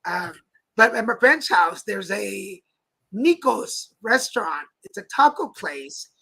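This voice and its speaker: Talk show guy, bright punchy voice kinda husky, playful storyteller. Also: sits high, lively intonation, slow, low-quality recording. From Mexico. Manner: chatty, laughing, playful storyteller. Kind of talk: casual chat. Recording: live stream with faint background noise.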